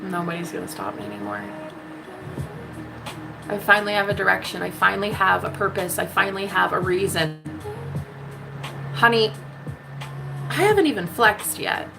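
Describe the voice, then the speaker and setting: The spiritual love-reading vlogger has a creaky, mid-range voice, speaks at normal speed, and leaves long pauses in her impassioned, sassy monologue, cursing often and calling the listener "honey." Music plays, and the audio is poor.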